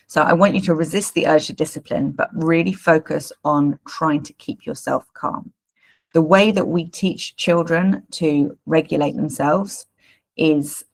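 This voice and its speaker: A woman coaching parents in a live workshop, her voice low and gravelly. She talks informally and loosely, with plenty of fillers and repeated words. Her tone stays low, with a rough, creaky edge. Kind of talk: live online workshop talk.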